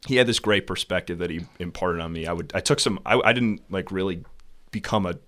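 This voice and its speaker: A man's voice: sits low, brisk. A man in his thirties, a tennis coach, telling stories in a casual podcast chat, laughing often and acting out what people said. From Buffalo area, New York. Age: 30s. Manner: animated storyteller, laughs often, acts out quotes.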